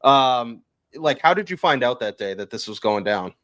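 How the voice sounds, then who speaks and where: A man's voice: medium pitch, animated, moderate pace, fairly bright tone. A man with a mid-range voice hosts a casual podcast interview. He asks long, loose questions padded with fillers and friendly asides. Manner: chatty, filler-heavy questions. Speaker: podcast host.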